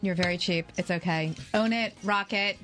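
A woman's voice: on the low side, music in the background. A woman co-hosting a casual food-and-drink radio talk show, teasing her husband and jumping in often. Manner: teasing, quick to laugh, interrupts. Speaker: radio co-host.

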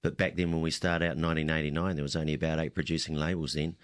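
A man's voice: a bass voice, flat delivery, very fast, smooth, no echo. A man in his fifties with a New Zealand accent, an easygoing winemaker chatting as a studio guest. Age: 50s. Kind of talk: casual radio chat.

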